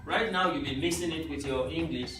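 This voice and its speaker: A man's voice: on the high side, a little fast. A man teaching a youth language class, patiently walking his students through simple phrases and often checking with "right?". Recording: echoey room, mic far off, music behind.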